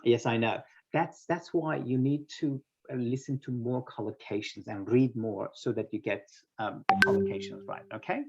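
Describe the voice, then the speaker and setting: A man's voice: mid-range voice, normal speed, creaky, breathy edge, dull audio. A man teaching an online English class, patiently quizzing students by name and explaining word pairings, heard over a video call.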